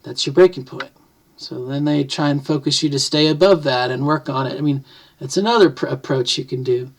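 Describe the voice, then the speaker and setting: A woman's voice: a bass voice, a little fast. Middle-aged woman rambling through an explanation. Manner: rambling, self-correcting, thinks aloud. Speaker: vlogger. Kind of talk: casual explanatory talk to camera. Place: home, near the kitchen.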